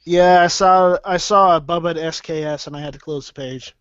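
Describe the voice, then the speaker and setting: High-voiced man in a dry lo-fi chat. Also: fairly even intonation, a little fast, a bit bright, smooth, dry recording. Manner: stammering restarts. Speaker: voice chat participant. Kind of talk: casual chat.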